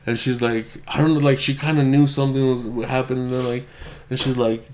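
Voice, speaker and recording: A man's voice: medium pitch, flat delivery, moderate pace, pauses often, noisy background. A young man telling a loose, rambling story on a casual podcast and laughing often. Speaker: podcast co-host.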